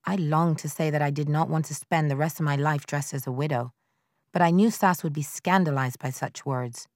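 Low-voiced woman narrating a novel. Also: fairly even intonation, normal speed, darkish tone, no room sound, studio quality. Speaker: audiobook narrator. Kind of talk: first-person novel narration.

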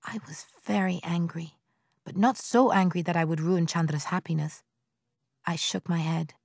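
A woman narrating a novel in the first person, in a measured, quiet storytelling manner. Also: lowish voice, steady tone, vocal fry, dry recording, studio quality. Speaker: audiobook narrator.

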